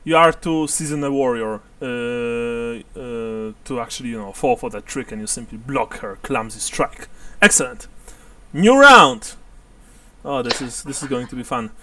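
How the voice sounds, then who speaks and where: A man's voice: medium pitch, normal speed, hardly any pauses, a bit bright, far from the mic, slight background noise. Game master, male, mid-range voice, a little off-mic, laughs a lot. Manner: explains rules, laughs often. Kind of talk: narrating a tabletop game online.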